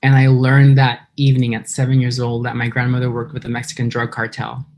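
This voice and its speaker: A San Diego, California woman gives an earnest, emotional recovery talk at a meeting, slightly nervous as she speaks into her computer on a video call. Her pitch is extremely low and her delivery completely flat. She goes a little fast, with a slightly mellow sound.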